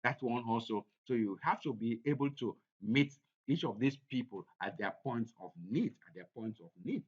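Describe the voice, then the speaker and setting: Man, slide lecture, lively pitch, repeats key points, dull lo-fi sound. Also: normal speed. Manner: repetitive, emphatic, restates points. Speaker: course presenter.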